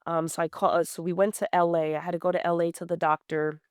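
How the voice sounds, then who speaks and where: Speaking at a quick pace in a low, level, clean-toned voice, this guest runner in her thirties shares her story on a podcast. Her candid storytelling is blunt and plain, full of fillers and restarts, and the studio-quality recording has no room sound.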